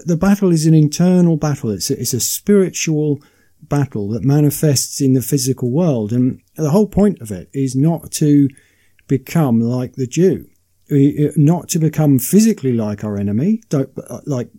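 A man's voice: medium pitch, normal speed, warm tone. A man in casual podcast chat, stammering and repeating words as he goes.

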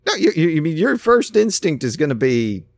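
A man's voice: on the high side, big pitch swings, normal speed, gravelly, no room sound, studio quality. A man preaching a casual, folksy sermon who acts out the voices in his stories.

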